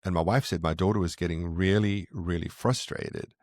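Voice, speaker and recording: A man's voice: deep voice, fairly even intonation, moderate pace, darkish tone, no room sound, clean studio sound. A middle-aged man guesting on a podcast, earnestly explaining and telling stories from his own parenting. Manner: earnest, reflective storyteller. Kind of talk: conversational interview, explaining.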